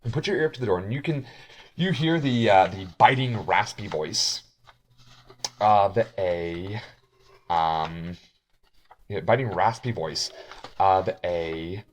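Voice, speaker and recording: A man's voice: deep voice, takes it slowly, long pauses, a little hiss or hum. A man narrating as game master, rambling with frequent restarts. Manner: rambling, many restarts and fillers.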